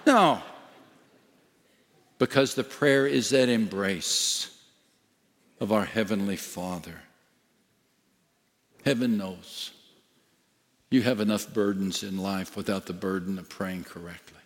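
A male pastor preaching a sermon slowly and emphatically, dropping to a hush at times. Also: lowish voice. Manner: slow, emphatic preaching with dramatic dips to a hush. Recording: long reverb of a large hall.

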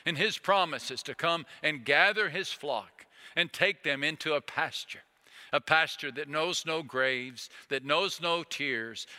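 A man preaching a sermon as pastor, earnest and pleading, slowing down to repeat key phrases. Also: on the high side, pushed and bright, in a large hall.

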